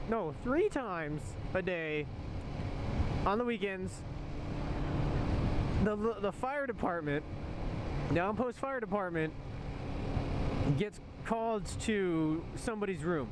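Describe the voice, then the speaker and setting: A man's voice: sits high, sing-song, slow pace, pauses often, very noisy. A young man, a soldier, casually telling a rambling, profane story from inside a vehicle, laughing often. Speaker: soldier vlogger.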